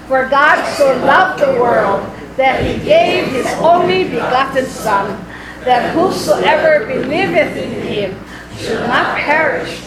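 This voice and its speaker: A woman's voice: high-pitched, fairly bright tone, echoey room, a little hiss or hum, poor audio. A woman preaching a sermon in an impassioned, rhythmic way, quoting scripture.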